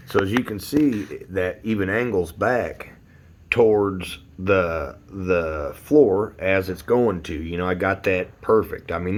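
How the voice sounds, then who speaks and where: Man, somewhat low voice, rambling and swearing, frustrated, home garage, phone mic. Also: measured pace, slight background noise. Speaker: hobby car builder, roofer. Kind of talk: casual workshop vlog.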